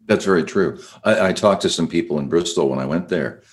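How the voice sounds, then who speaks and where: A man's voice: low voice, fairly quick. A man, a biographer guest on a radio show, explaining history in a thoughtful storytelling way. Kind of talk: radio interview.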